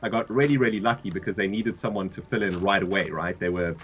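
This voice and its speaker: A man's voice: sits low, fast. A man from South Africa with a South African accent, co-hosting a livestream and telling a story in casual chat. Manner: animated storyteller, laughs often, restarts. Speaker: co-host of a game livestream.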